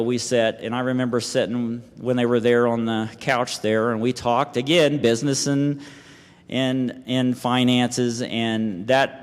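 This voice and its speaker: A man giving a eulogy at a memorial service, halting and emotional, with restarts and soft laughter. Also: mid-range voice. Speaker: family member giving a eulogy. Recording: reverberant hall.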